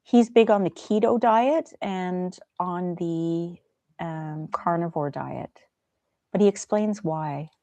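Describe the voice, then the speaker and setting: A middle-aged woman talks casually on a live stream, chatting gently with viewers and laughing easily. Her voice sits a little low. It is close and dry, with no room sound. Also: slow, no room sound. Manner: gentle, chatty, laughs often, soft asides. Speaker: live stream host reading chat.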